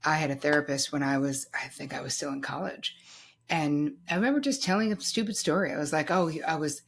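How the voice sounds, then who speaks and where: A woman's voice: sits low, brisk, vocal fry, slightly rough. A woman hosting a podcast, telling a candid personal story in casual conversation. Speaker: podcast host.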